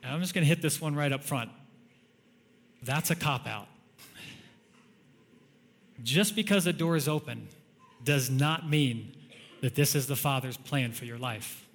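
A man's voice: mid-range voice, a little slow, pauses often, big-room sound. A male pastor giving a conversational sermon, telling stories with frequent chuckles.

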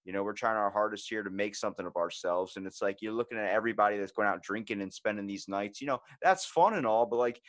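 A man's voice: fairly low pitch, fast, few pauses, a bit bright, dry recording. Plain-spoken young podcast host man. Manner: candid, plain-spoken, swears casually. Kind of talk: casual chat.

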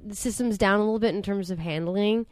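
A woman's voice: medium pitch, fast talker, darkish tone, dry recording. A woman hosting a podcast, asking curious, empathetic questions in casual conversation. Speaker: podcast host. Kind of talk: casual interview.

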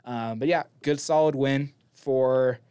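A man's voice: mid-range voice, steady tone, slow, warm tone, clear, resonant tone, dry recording, studio quality. A young man who calls college games, chatting on a sports talk show in a rambling, upbeat way. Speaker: college sports broadcaster and podcast co-host. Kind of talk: casual sports recap chat.

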